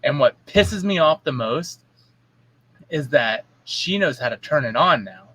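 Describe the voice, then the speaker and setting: A man's voice: a little high, lively intonation, unhurried, a bit bright, husky, low-quality recording. A man on a podcast in casual chat, blunt and swearing, telling stories about parenting. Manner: blunt, swears, acts out his stepdaughter in quotes. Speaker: podcast co-host.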